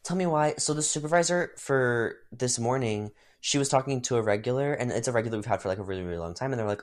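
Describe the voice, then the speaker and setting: A young man chatting on his podcast with a mid-range voice. He tells work stories with lots of laughter and sudden high-pitched impressions of the people he quotes. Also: fast, few pauses. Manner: laughs often. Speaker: podcast co-host. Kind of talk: casual chat.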